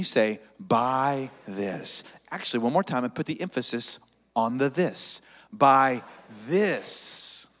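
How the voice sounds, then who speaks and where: A man's voice: medium pitch, big-room sound. A man pastor preaching a sermon, dynamic and leading the congregation in call-and-response.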